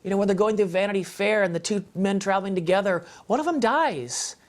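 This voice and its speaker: Here a man with a high-pitched voice speaks fairly quickly, giving a heartfelt faith testimony as a guest on a parenting show. His talk is emphatic and conversational, with repeated phrases for stress plus fillers and restarts.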